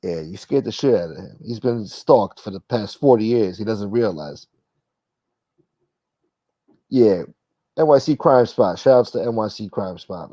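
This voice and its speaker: Hosting a laid-back livestream, this man reads out viewer comments in a blunt, wisecracking, profane style. His voice sits lowish and has a warm tone, captured in a dry, dull, lo-fi recording.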